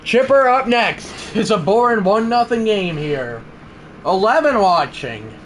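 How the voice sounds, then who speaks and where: A young man streaming live gameplay commentary, swinging between loud outbursts and low muttering to his viewers. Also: expressive, measured pace, a little hiss or hum. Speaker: livestreamer.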